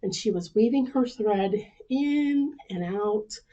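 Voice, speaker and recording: A woman librarian telling stories to children at home, animated and inviting them to join in. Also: a little high, takes it slowly, lo-fi sound. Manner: animated, speaks to kids at home. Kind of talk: children's storytime reading.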